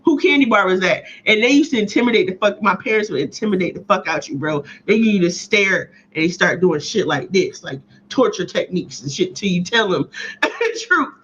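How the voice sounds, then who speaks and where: A woman co-hosting a casual chat, telling a story in a profane, animated way with a lot of laughing. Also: medium pitch. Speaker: podcast co-host. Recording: slightly muffled audio.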